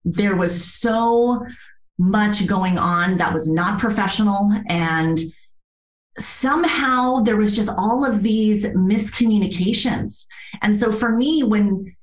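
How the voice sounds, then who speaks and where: A woman guest in a conversational interview, a yoga therapist telling her own story in an earnest, expressive way. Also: mid-range voice, slow. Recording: echoey room.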